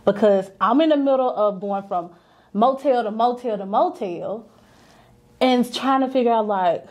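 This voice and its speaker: A woman's voice: mid-range voice, a little slow, a little mellow. A young adult woman and business owner telling a personal story candidly and conversationally, acting out the voices she quotes.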